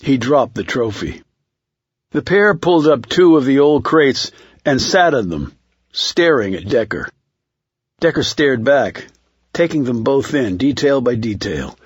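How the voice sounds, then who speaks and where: A man narrating a thriller audiobook in a measured, steady reading. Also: medium pitch, breathy edge, dry recording.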